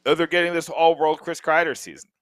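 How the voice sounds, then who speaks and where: A man co-hosting a podcast, ranting in an animated, heated way. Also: a little high, fast talker, no room sound. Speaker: podcast co-host. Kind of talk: casual sports chat.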